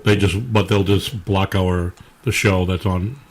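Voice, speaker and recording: A man's voice: low voice, fairly even intonation, a little slow. A man co-hosting a casual podcast, joking and laughing along with the others. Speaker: podcast co-host. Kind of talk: casual banter.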